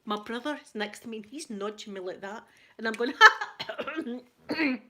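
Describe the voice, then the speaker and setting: A Scottish woman hosting her channel, telling a story in casual, animated chat. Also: fairly high pitch, a little fast. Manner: chatty, animated anecdote telling. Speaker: ASMR channel host.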